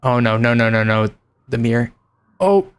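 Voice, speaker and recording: A man's voice: medium pitch, level tone, moderate pace, clear, resonant tone. A young man streaming, chatting casually and laughing as he reacts to videos, with casual swearing.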